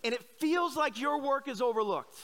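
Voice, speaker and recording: A man's voice: very high voice, moderate pace, a bit bright. A middle-aged man from Iowa giving a conversational sermon as a pastor, telling stories candidly with lots of fillers and restarts. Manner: chatty storytelling with many likes and restarts; candid, self-deprecating. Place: church service.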